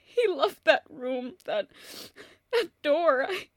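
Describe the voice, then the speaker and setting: A woman voicing a distraught young woman in an audio drama monologue, tearful, her voice breaking, speaking in halting, stammering restarts. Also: high-pitched, big pitch swings, no echo, clean studio sound, full character voice. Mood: resolute. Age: young adult. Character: grieving young woman, distraught, bent on revenge. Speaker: voice actor.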